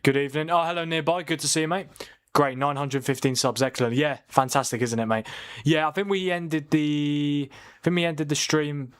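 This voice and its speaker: A man's voice: a little high, fairly even intonation, normal speed, smooth. A young man hosting a casual football watchalong stream, chatting with viewers and reading their comments. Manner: chatty, reads viewer comments aloud, laughs often.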